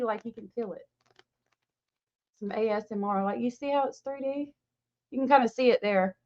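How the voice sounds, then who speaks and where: Chatty woman on a dull webcam. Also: high voice. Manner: chatty, gushing, greets chat viewers by name. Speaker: livestream host. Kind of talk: casual livestream chat. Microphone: webcam mic.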